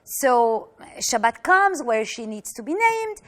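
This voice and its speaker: A woman with a bright, high voice shares a personal story in an earnest, halting way. She stops and restarts as she goes, and she acts out the voices of the people in the tale. Her delivery has the feel of a teacher recounting something true. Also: sing-song.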